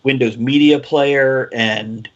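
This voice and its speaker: A man's voice: medium pitch, fairly even intonation, slow pace, dull audio. Wry joking male host. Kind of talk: casual panel chat on a livestream.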